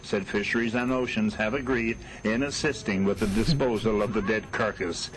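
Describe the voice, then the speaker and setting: A man reporting for television news in a formal, measured scripted delivery. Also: fairly low pitch, rough recording.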